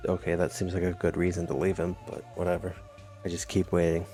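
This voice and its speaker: A man's voice: deep voice, monotone, fairly quick, warm tone, faint music behind. A man reading a text adventure game aloud, adding wry, amused comments of his own. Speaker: gamer.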